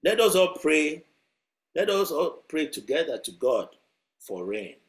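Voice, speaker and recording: A man's voice: fairly high pitch, sing-song, a little slow. A man voicing a worried village farmer and father who speaks solemnly and urges his family on.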